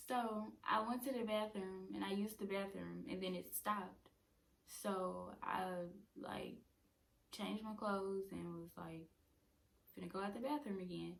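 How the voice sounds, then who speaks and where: A young woman in her twenties casually telling a personal story at home, chatty and animated. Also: mid-range voice, takes it slowly, gravelly. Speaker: vlogger. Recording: roomy echo.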